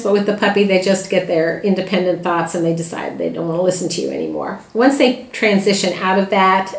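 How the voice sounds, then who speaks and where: Low-voiced woman, plainspoken dog trainer. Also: roomy sound. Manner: plainspoken, many "uh" fillers and restarts. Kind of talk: informal talk to puppy owners.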